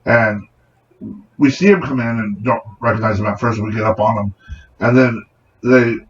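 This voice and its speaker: A man's voice: lowish voice, normal speed, muffled recording. A man co-hosting a podcast, casually telling a profane story and acting out the quotes. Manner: profane, animated retelling with acted quotes. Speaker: podcast co-host.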